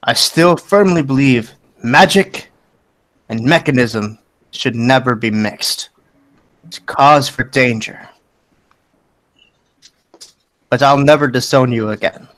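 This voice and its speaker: Man doing a frail, gruff old inventor father, mid-pitched, dry humour. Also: unhurried, a bit bright, no room sound, lightly acted. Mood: stern.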